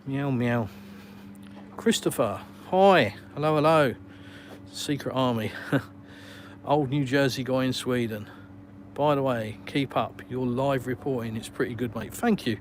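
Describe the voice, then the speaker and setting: A man's voice: mid-range voice, unhurried, slight background noise. Blunt Englishman chatting on a phone stream. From England. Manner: blunt, outspoken, swears casually. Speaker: live streamer. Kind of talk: casual live-stream chat reading viewer comments. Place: outdoors, walking around while streaming.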